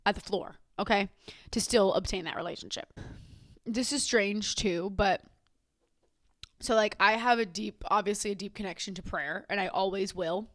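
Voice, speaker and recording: A woman's voice: medium pitch, normal speed, no echo, clean studio sound. A young woman hosting a podcast, talking candidly and casually, swearing freely and restarting her sentences often. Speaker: podcast host. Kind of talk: casual personal talk.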